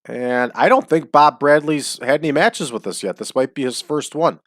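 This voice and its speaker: A man talking casually over a wrestling booking game, with chatty asides and drawn-out hype calls. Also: fairly high pitch, fairly bright tone, dry recording, studio quality. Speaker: wrestling sim game host.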